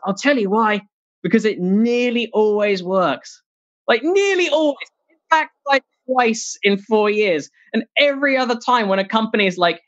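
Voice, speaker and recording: A stand-up comedian performing a set over a video call from home, animated, slipping into mocking put-on voices and laughing at their own jokes. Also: medium pitch, moderate pace. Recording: dull lo-fi call audio.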